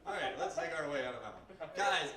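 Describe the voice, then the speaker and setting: A man's voice: on the high side, expressive, fast talker, sharp tone. A young man performing a self-deprecating stand-up comedy set on a small bar stage, often laughing at his own jokes. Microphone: handheld camera recorder in the audience. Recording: roomy bar recording from a distance, crowd noise. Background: audience laughter.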